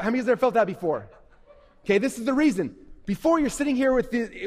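A middle-aged man gives a lively stage talk to a young audience, rattling along quickly in a fairly high voice. He keeps asking the crowd questions and slips into little acted inner voices. The sound rings with the long reverb of a large hall. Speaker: speaker at a youth event. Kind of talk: energetic stage talk to kids.

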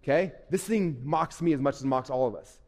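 A middle-aged man giving an animated stage talk to kids, asking the audience questions and acting out inner voices. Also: medium pitch, brisk. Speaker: speaker at a youth event. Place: large hall on stage. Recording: long hall reverb.

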